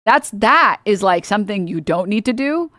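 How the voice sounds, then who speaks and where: A woman's voice: medium pitch, expressive, moderate pace, sharp tone, dry recording. Woman streamer who reacts to clips in a disbelieving, swearing rant, mid-range voice, dry sound. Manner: incredulous, profane ranting. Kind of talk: live-stream reaction commentary.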